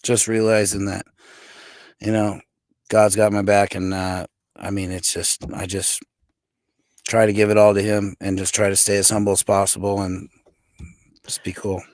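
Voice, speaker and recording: A middle-aged pro arm wrestler from Montana, guesting on a podcast, tells a story with plenty of energy and acts out the quotes. His voice is lowish and his speed normal, with long pauses, in studio-quality sound with no echo. It's a casual storytelling interview.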